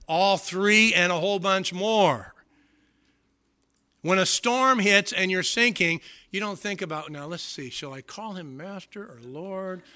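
A man preaching a sermon, animated, acting out voices and swinging from hushed asides to loud cries. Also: sits high. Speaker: pastor.

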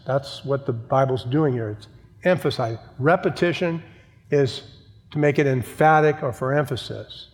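Man preaching a sermon in a reverberant hall. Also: mid-range voice. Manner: emphatic preaching with repeated phrases and asides to the congregation. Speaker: pastor. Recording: long church reverb.

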